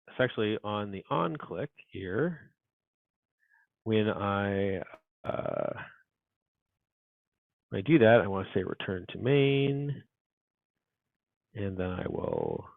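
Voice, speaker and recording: A man with a low, gravelly voice, teaching a coding class and working through each step out loud. His muttered asides sound dry and tinny, as if picked up over a phone line. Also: no echo. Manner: thinks aloud, muttering asides. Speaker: university instructor. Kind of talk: live coding lecture.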